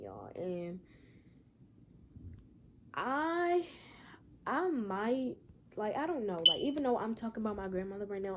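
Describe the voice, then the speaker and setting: A young woman talks straight to camera in a personal vlog, her voice pitched in the middle range. She is close to crying and keeps returning to "y'all" and "like" as she rambles. A faint hiss of noise sits behind her. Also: warm tone. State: holding back tears. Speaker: vlogger.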